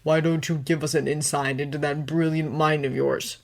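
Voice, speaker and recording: A woman's voice: low voice, flat delivery, normal speed, creaky, darkish tone. A woman voicing an impatient teenage boy wizard who speaks sharply. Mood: stern.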